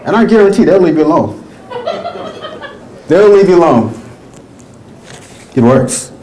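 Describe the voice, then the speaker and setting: A man performing a stand-up comedy set, rambling and animated with lots of filler phrases. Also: a little high, unhurried, roomy sound, slight background noise, poor audio. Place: comedy stage.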